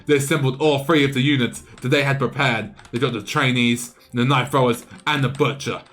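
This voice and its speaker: A man streaming live, spinning a playful, improvised story over a game battle at a mid pitch. He stumbles and restarts often, with faint music running behind him. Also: a bit bright.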